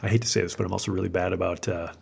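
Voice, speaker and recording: A man's voice: deep voice, flat delivery, very fast, vocal fry, a little mellow, slightly rough. A man who is a city mayor, the guest on a podcast, chatting casually and poking fun at himself, often tagging on "right?". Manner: self-deprecating, rambling, says "right?" a lot. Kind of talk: casual chat.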